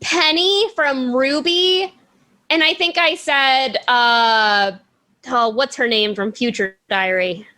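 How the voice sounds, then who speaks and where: A woman's voice: high voice, slow, bright, forceful tone. A woman chatting as a podcast guest about tabletop game characters, bubbly and self-deprecating. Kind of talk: casual podcast chat.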